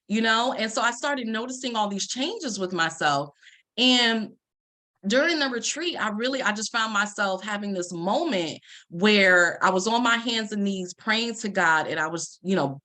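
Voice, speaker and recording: A woman's voice: medium pitch, unhurried, sharp tone. A woman, a life coach telling a personal story to an audience and acting out the lines she quotes. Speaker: life coach and Reiki practitioner.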